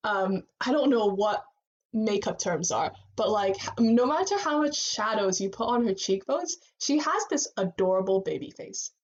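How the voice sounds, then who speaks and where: Animated woman chatting, muffled sound. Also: medium pitch, moderate pace. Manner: animated, laughs often, many fillers. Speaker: podcast co-host. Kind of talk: casual fan chat.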